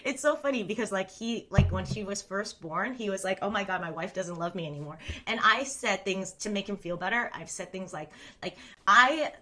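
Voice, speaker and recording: A woman's voice: medium pitch, pushed and bright. A woman chatting candidly and casually, telling stories to her viewers with frequent laughter and many fillers. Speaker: streamer and storyteller. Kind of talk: casual unfiltered storytelling chat.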